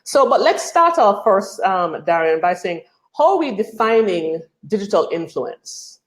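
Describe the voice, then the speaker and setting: A woman's voice: mid-range voice, sing-song, unhurried. A woman from the Caribbean hosting a weekly tech show, talking casually with frequent fillers and restarts. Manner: hesitant, many fillers and restarts. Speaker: host.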